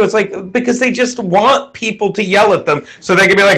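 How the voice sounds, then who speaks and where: A man with a high, bright, forceful voice riffs crudely on a podcast. His talk is rambling and full of profanity, quick to mock and jump from one gripe to the next. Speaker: podcast co-host. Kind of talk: crude casual banter.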